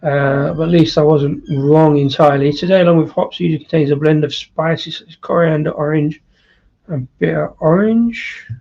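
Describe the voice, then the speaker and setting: A man's voice: fairly high pitch, moderate pace, creaky, darkish tone, muffled recording. Rambling man reviewing beer on a live stream. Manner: rambling, with many fillers and laughs.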